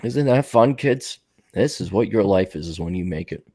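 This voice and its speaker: A man's voice: on the low side, expressive, normal speed, darkish tone. A man hosting his podcast alone, rambling and musing aloud in a sardonic way, slipping into little voices for his own thoughts. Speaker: podcast host. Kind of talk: rambling solo monologue.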